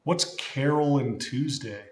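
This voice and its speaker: A man hosting a casual livestream, rambling and full of fillers as he thanks viewers warmly. His voice sits at an ordinary middle pitch, and a roomy echo hangs behind him. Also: takes it slowly. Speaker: livestream host.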